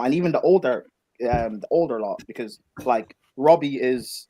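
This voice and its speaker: A man's voice: mid-range voice, normal speed, warm tone. A man in a casual football debate, insistently explaining his point. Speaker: football podcast co-host.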